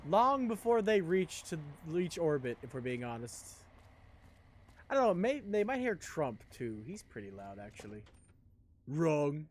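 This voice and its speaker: A man's voice: a little high, sing-song, moderate pace. A man streaming a video game live, chatting in a joking, rambling way. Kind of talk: casual live-stream chat while gaming.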